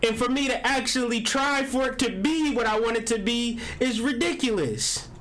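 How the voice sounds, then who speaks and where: A man's voice: very high-pitched, moderate pace, a bit bright. A man hosting a spiritual astrology and tarot video, talking casually in a meandering, emphatic way with casual swearing. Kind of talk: casual spiritual talk to camera.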